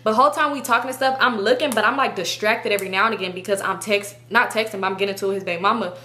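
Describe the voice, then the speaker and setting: A young woman telling a casual storytime to her viewers, animated and profane. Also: medium pitch, racing. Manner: animated, profane, acts out quotes. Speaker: storytime vlogger.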